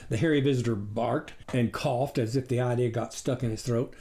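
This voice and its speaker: A man's voice: medium pitch, steady tone, normal speed, few pauses, dark tone. A man reading his own satirical story aloud in a wry storybook narration.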